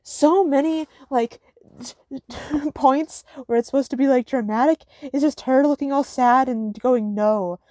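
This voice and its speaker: A woman's voice: high-pitched, measured pace, warm tone, no room sound, clean studio sound. A young woman reacting to a manga she is reading, swearing constantly in a sarcastic, exasperated tone. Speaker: reader reviewing a manga. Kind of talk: casual reading-and-reaction commentary.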